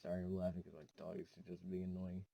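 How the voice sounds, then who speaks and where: A young man hosts his own weather video, rambling casually as he points across satellite and model maps. His voice sits a bit low, and he leans on filler words between thoughts. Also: completely flat delivery, fast, gravelly, dark tone, rough recording. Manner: loose and rambling, many "so yeah" fillers. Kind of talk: casual weather briefing over screen maps.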